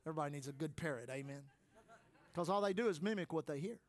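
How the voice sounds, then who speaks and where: A male pastor preaching a sermon emphatically, swinging between shouts and low asides and laughing often. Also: quick pace.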